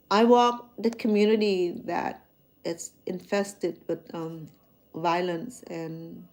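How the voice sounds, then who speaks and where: A Cambodian woman with a Cambodian accent and a lowish, mellow voice is a chef and host chatting casually to her viewers. She repeats words and checks in with "okay?".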